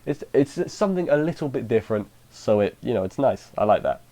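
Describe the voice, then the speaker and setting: Mellow-voiced man rambling about anime. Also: medium pitch, very animated. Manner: rambling, restarts sentences, paraphrases characters in quick asides. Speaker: anime reviewer. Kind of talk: casual spoken episode review.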